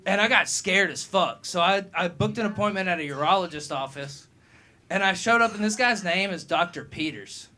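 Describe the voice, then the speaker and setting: High-voiced young man doing stand-up. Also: moderate pace. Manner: profane, rambling, laughs at his own jokes; gets loud and heated answering a heckler. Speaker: stand-up comedian. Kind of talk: stand-up comedy set. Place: comedy club open mic.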